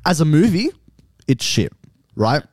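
A young man co-hosting a podcast in casual chat, relaxed and swearing freely. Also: a little high, no room sound, studio quality. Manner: relaxed, swears often, drawn-out phrasing. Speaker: podcast co-host.

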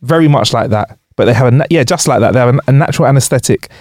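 A man's voice: medium pitch, racing, a little mellow, no echo, studio quality. A young man co-hosting a casual podcast, explaining facts with frequent laughter. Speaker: podcast co-host.

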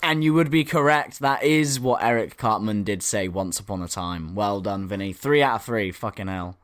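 Low-voiced man hosting a quiz. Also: normal speed, fairly bright tone. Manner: laughs often, swears casually. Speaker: quiz host. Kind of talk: casual podcast chat.

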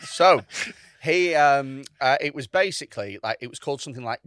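A man's voice: mid-range voice, fairly quick, dry recording, studio quality. A man, a comedian guest on a podcast, who tells gig anecdotes with plenty of swearing and frequent laughter. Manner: lively, sweary anecdote-teller, laughs a lot. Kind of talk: casual comedy podcast chat.

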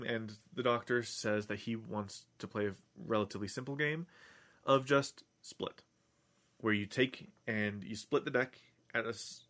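A man's voice: on the low side, a bit bright. A man on a podcast casually recapping an episode, rambling with many restarts and fillers. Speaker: podcast host.

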